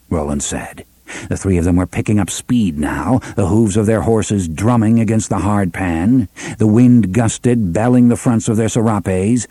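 A man reads an adventure novel aloud in a steady, measured way. His voice is mellow and warm, recorded dry and close with no room sound. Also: fairly low pitch, dry recording. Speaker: narrator. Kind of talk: audiobook narration.

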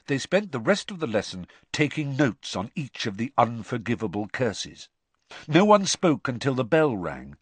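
A man narrating an audiobook in an expressive, varied manner. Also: medium pitch, normal speed, slightly rough, dry recording.

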